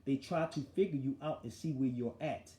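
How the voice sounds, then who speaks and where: A man hosting a talk show, telling the story of an argument in a forceful, animated way. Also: medium pitch, brisk, roomy sound. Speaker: show host. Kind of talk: casual street talk storytelling.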